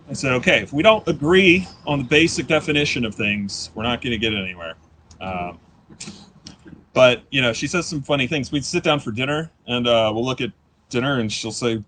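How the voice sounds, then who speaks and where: A man in his thirties doing a live stand-up set, rambling and self-deprecating with deadpan asides. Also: medium pitch, fast. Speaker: stand-up comedian. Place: comedy stage before a live audience.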